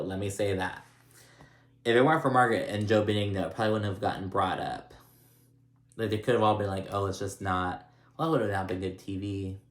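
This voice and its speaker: Gossipy low-voiced man recapping TV. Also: echoey room. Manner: gossipy, profane and animated, mimics cast members. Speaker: reality TV recap host. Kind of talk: casual recap chat.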